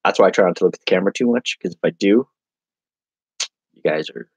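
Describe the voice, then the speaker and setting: A man hosting a casual live stream, rambling and joking as he reads viewer comments, with sudden playful jumps into a high voice. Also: quick pace, creaky, long pauses, slightly rough, no room sound, dull audio. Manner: silly, playful with sudden high-pitched bursts.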